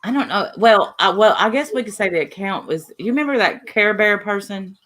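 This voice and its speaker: A woman's voice: medium pitch, animated, fairly quick, fairly bright tone. Rambling woman hosting a livestream. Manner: rambling, trailing off mid-sentence. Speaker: livestream host. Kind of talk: casual livestream chat.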